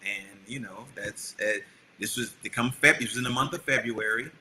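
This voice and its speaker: A man co-hosting a podcast, telling a family story in a lively, animated way and acting out the quotes. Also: fairly low pitch, moderate pace, a little hiss or hum, low-quality recording. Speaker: podcast co-host. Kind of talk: storytelling chat.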